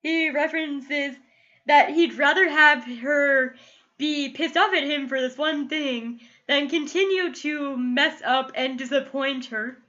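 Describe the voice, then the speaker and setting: A woman's voice: sits high, slow pace, bright, forceful tone, lo-fi sound. A woman gushing casually through a TV episode review, emotional and full of "like" fillers. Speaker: TV show reviewer. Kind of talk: casual solo review vlog.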